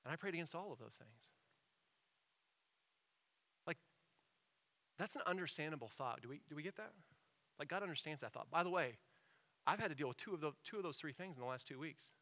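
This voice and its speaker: A man delivers a sermon in a bright, ringing voice pitched a little high. He reads scripture quietly, then turns earnest and emphatic as he urges his congregation. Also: lively intonation, fast, pauses often. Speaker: pastor.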